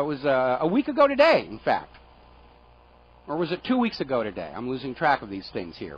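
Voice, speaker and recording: A high-pitched male radio host delivers sarcastic, indignant political commentary. His voice comes through a dull, lo-fi broadcast recording. He jabs at his targets with mocking rhetorical questions. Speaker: radio talk show host.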